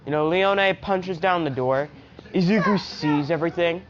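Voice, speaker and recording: Woman rambling thru a fan story, low slow voice, muffled lo-fi mic, faint music behind. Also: crowd noise. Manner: rambling, many filler asides. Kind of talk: casual fan-story retelling. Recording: dull lo-fi home recording.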